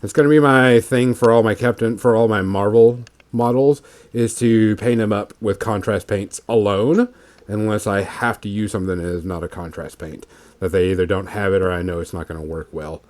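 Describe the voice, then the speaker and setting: A man hosting a casual podcast, chatting in a relaxed, rambling way with plenty of fillers while he paints miniatures. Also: on the low side, normal speed.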